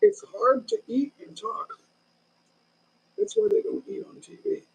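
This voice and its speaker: A man's voice: very high voice, very animated, measured pace, low-quality recording. A man in his sixties hosting a casual live stream from home, rambling loosely through stories with many restarts. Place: home in the Philippines.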